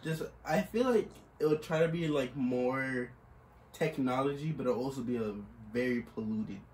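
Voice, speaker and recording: A young man co-hosts a casual podcast, talking in a laid-back, joking way. His voice sits at an ordinary middle pitch. A faint hiss of noise runs under his talk. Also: normal speed, darkish tone, echoey room, rough recording. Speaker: podcast co-host. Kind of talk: casual chat.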